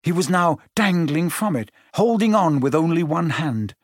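A man narrating a story aloud, expressive and changing his pace as he reads. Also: on the high side, normal speed. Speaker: audiobook narrator. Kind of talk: scripted narration.

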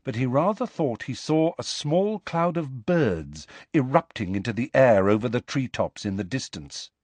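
Delivering scripted audiobook narration, a man reads with measured expression in his mid-range voice. The recording is dry.

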